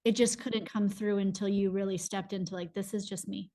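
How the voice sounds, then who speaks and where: A woman's voice: mid-range voice, steady tone, fairly quick, warm tone. A woman hosting a podcast, responding to her guest in an affirming, reflective way. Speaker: podcast host. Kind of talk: casual interview chat.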